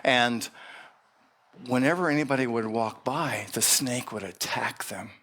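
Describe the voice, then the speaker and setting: A man giving a storytelling sermon at a church service, unhurried, with pauses and restarts. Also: medium pitch, a bit bright.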